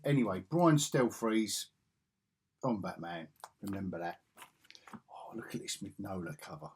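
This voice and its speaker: A man's voice: sits low, lively intonation, unhurried, a little mellow, slightly rough. A man, musing aloud in a rambling, casual way as he looks through old comic magazines. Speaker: comic collector vlogger. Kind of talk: casual chat while flipping through magazines.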